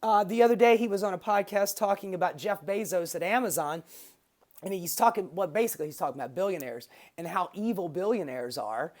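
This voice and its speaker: A woman's voice: lowish voice, brisk, a little mellow. A woman YouTube commentator ranting casually and profanely about the news.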